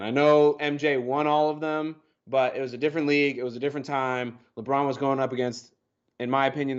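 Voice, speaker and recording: A man producing and co-hosting a podcast talks in a relaxed, easygoing manner and throws in joking asides. His pitch is ordinary. The recording sounds a little dull and muffled. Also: clear, resonant tone. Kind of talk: casual podcast chat.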